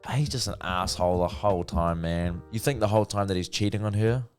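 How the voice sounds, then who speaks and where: A man's voice: deep voice, fast, faint music behind. A man giving a casual, profane, chatty review of a TV series. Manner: chatty, profane, lively retelling. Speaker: TV review vlogger.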